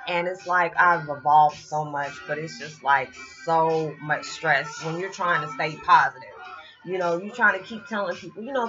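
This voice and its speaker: Woman, 40s, vlogger; low voice, rambling confessional chat, muffled lo-fi audio with music under it. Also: normal speed. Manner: rambling, heartfelt, many fillers. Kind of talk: casual spiritual vlog monologue. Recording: dull lo-fi with loud music behind.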